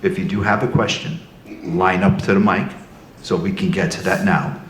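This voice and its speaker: This panel moderator has a deep, steady voice and keeps a moderate pace. He hosts the live convention panel excitedly, nervous and gushing with frequent laughter, in a roomy, noisy hall.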